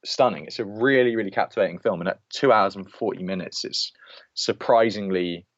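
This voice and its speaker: A man's voice: lowish voice, fairly quick, dry recording. Man, podcast co-host, opinionated casual film talk, dry close sound, dull lo-fi audio. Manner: opinionated, rants with many restarts. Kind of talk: casual film-review chat.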